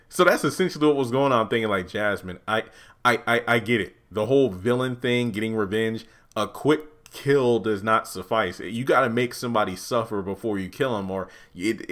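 A man with a slightly low voice reviews a TV episode for his channel. He rambles and chats, jumping between asides as he retells scenes. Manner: chatty, rambling, animated retelling. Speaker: YouTube TV reviewer.

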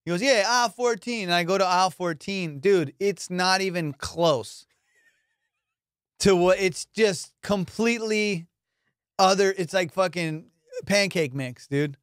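Casual podcast host, man, fairly high voice, swears a lot, laughs through his stories, dry close sound. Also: a little slow, a bit bright, clean tone, dry recording. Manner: profane, storytelling, laughs often. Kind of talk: casual chat.

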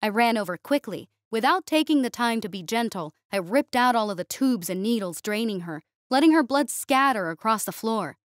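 Female storyteller for sci-fi narration, steady and expressive, dry recording. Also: fairly high pitch, normal speed, hardly any pauses, no echo.

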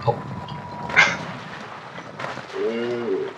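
A young man casually commenting on his gameplay, excitable and yelping with surprise. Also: lowish voice, unhurried, long pauses, dull audio, background noise. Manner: excitable, shouts and yelps of surprise. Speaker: gaming streamer.

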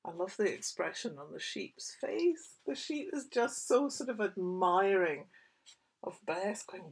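A woman, a children's author, reading her picture book aloud for young children with expressive, whispery asides. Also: lowish voice, unhurried, husky.

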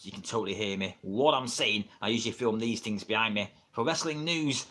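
A man's voice: lowish voice, a little fast, hardly any pauses, a bit bright. A middle-aged man with an English accent, chatting casually on a livestream, rambling and laughing often, recorded on a built-in camera mic at home. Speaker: wrestling livestreamer. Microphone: built-in camera mic, no microphone.

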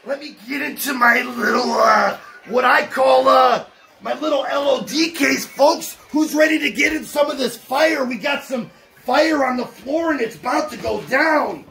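A man hosting a home unboxing vlog, hyping every item with loud, shouted catchphrases in a collection room. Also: very high voice, measured pace, vocal fry.

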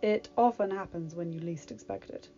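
A woman's voice: fairly low pitch, moderate pace, mellow, lightly acted. A woman voicing a wry, teasing palace captain who gives a prince fatherly advice. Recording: dull lo-fi recording, faint music.

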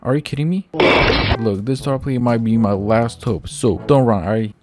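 A man doing gameplay commentary, excitable and laughing often, swearing freely. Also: mid-range voice, normal speed, very noisy. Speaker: gaming YouTuber.

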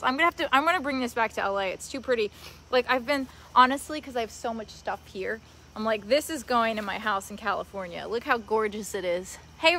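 Gushing high bright-voiced young woman. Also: slight background noise. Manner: gushing, excitable, talks to viewers and gift giver. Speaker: vlogger opening a gift haul. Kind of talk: casual vlog unboxing. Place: home, later outdoors by a tree.

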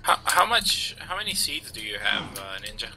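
A man's voice: medium pitch, very animated, moderate pace, over music. Offhand man chatting through a game. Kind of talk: casual gaming chat with friends. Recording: keyboard clicks and typing.

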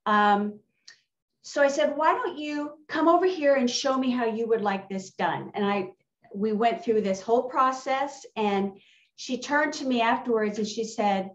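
A woman sharing a personal testimony in a casual, animated storytelling way, acting out the conversations she recounts. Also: fairly high pitch, measured pace. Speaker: church member sharing a testimony. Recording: distant, roomy, dull sound.

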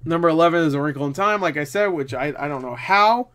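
Young male movie vlogger, running on no sleep, rambles and curses, slightly higher voice. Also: quick pace, smooth. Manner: rambling, swears a lot, bursts into loud disbelief. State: tired. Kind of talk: casual box office commentary.

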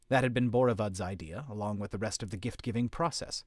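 A man's voice: fairly low pitch, fast talker, few pauses. A man reading a fantasy story aloud on a live stream, narrating steadily. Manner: steady narration with occasional slips.

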